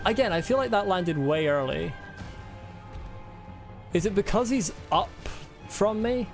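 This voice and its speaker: A man's voice: sits high, animated, measured pace, vocal fry, music in the background. A man commenting on his own gameplay during a live stream, muttering to himself, humming and swearing under his breath. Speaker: game streamer.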